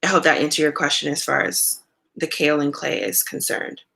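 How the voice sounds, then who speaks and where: A woman's voice: low-pitched, moderate pace, gravelly. A woman hosting a live stream about hair care, talking casually and answering viewer questions, with lots of "um" and "you know". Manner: conversational, relaxed, many fillers like "um" and "you know". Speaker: natural hair care host.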